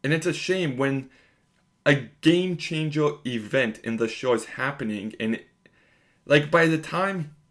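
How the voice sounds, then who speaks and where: A man's voice: fairly high pitch, unhurried, fairly bright tone. A young man giving a casual video review of a TV episode, talking emphatically with lots of filler words. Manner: emphatic, conversational, lots of "like" and "you know".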